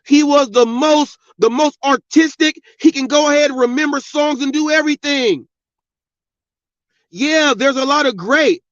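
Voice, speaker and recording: A man's voice: very high-pitched, normal speed, fairly bright tone, dry recording. A middle-aged man hosting a podcast, delivering an angry, profane, preachy rant. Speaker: podcast host. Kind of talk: ranting monologue. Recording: dull, lo-fi sound.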